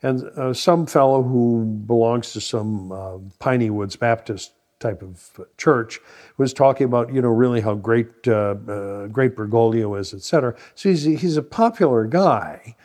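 A man's voice: mid-range voice, normal speed, darkish tone. A man, a priest co-hosting a radio discussion, speaking hesitantly with many ums and uhs. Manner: hesitant, filler-heavy. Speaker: priest co-host.

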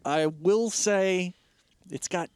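A man's voice: high-pitched, drawn-out words, darkish tone, clean tone, no echo. A man co-hosting a casual movie podcast, talking in a dry, wry, sarcastic way. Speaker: podcast co-host.

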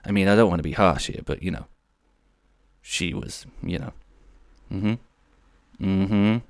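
Speaking slowly in a low voice, this solo podcast host, a man in his thirties, wanders from one jokey anecdote to the next and now and then puts on silly voices. The recording is dry and studio quality.

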